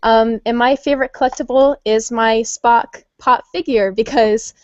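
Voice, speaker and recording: A woman's voice: fairly high pitch, fairly even intonation, normal speed, darkish tone, no room sound, dull audio. Earnest young-sounding woman, dry call audio. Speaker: YouTuber guest. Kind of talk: casual group chat introduction.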